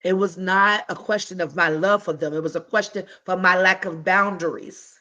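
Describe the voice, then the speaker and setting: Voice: medium pitch, fairly even intonation, moderate pace, sharp tone, highs cut off. A livestream host giving heartfelt advice in a casual, emphatic way, talking straight to viewers with colloquial slang. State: voice cracking.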